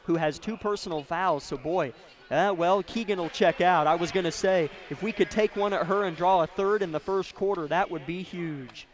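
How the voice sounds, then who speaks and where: A man calling a high school basketball game play by play from courtside, quick and excitable, rising to shouts on big plays. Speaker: play-by-play announcer. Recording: noisy gym broadcast feed.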